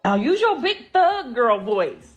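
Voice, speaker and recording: A woman's voice: on the high side, sing-song, slow, highs cut off, soft background music. A woman playfully teasing her small child in a casual clip. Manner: teasing, playful baby talk. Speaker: mother talking to her toddler. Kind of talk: playful social media clip.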